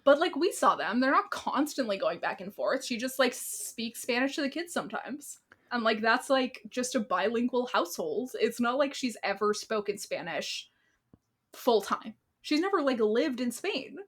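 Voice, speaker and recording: Animated ranting woman, lively pitch. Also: moderate pace, husky. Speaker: podcast co-host. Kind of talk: casual chat.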